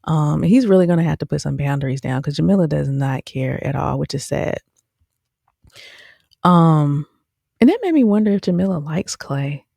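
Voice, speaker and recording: This is a dry, studio-quality recording of a woman with a low, creaky voice at normal speed. Reviewing a show, she talks casually and animatedly to "y'all," leaning on "um" and "okay?" often.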